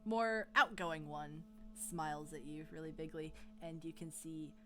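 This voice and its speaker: Slow-spoken woman game master. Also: low-pitched, steady tone, a bit bright, soft background music. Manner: unhurried, with frequent ums. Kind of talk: narrating a tabletop game.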